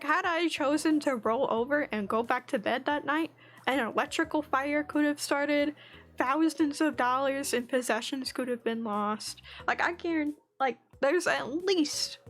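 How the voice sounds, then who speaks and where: Woman streamer, high voice, angry swearing rant, laughs a lot, faint music behind. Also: a little slow, a bit bright. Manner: laughs often between lines. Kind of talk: casual chat stream. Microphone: streaming mic.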